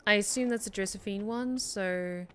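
A woman's voice: medium pitch, normal speed, noisy background. A woman streaming a game, chatting casually and reading in-game notes aloud. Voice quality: chatty, frequent fillers. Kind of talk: casual let's-play chat.

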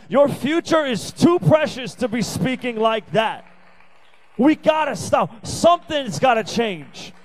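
A man's voice: high voice, a little mellow, poor audio. A man preaching a youth sermon, emphatic and repetitive, with playful asides. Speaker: youth pastor. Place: youth service venue.

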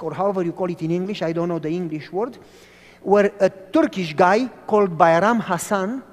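A man preaches a sermon in a large hall. He tells stories in an animated way and asks his listeners questions. His voice sits high and carries a long reverb.

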